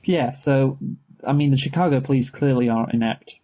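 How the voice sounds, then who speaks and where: A man with a mellow, dark-toned voice of middling pitch keeps a casual film review moving. He teases his co-host, presses for answers, and reads out a plot summary in a brisk, plain way. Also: poor audio. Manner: brisk, teasing, steers the talk. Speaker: podcast co-host. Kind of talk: casual movie review chat.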